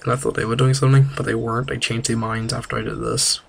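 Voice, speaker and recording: Young New Zealand guy, chatty and self-mocking, amateur gameplay commentary, mid pitch. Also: flat delivery, fast talker, gravelly, slightly rough.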